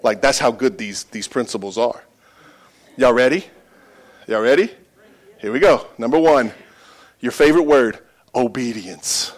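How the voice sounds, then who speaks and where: A middle-aged man, a pastor, preaches a sermon in church, his call-and-response lines building to loud, emphatic peaks. His voice sits in the mid range and moves at a moderate pace.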